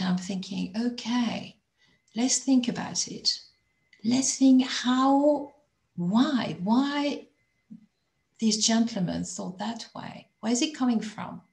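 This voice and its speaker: A woman from abroad telling a personal story in a calm, measured, reflective way on a video call. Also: mid-range voice, creaky, echoey room. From not from England. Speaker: chat panelist.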